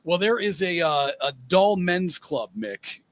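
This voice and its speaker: Easygoing middle-aged man, slightly high voice. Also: big pitch swings, unhurried. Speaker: podcast co-host. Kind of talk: casual chat.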